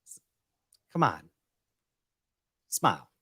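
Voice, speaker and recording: A man's voice: drawn-out words, pushed and bright, dry recording. A man playing a defensive, hot-tempered husband in an improv scene, sarcastic and blustery.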